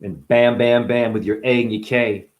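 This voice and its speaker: A man in the middle of a loose freestyle rap, chaining puns and rhymes into each other. He is boastful and profane, and his voice sits at an ordinary pitch for a man. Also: steady tone, moderate pace, dull audio. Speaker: freestyle rapper.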